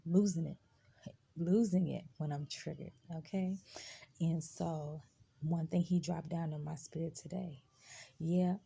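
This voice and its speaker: A woman's voice: sits low, vocal fry, dark tone, breathy edge. A woman hosting a live stream, sharing her faith testimony in a casual, emphatic way and talking straight to her viewers. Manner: emphatic, conversational, addresses viewers directly.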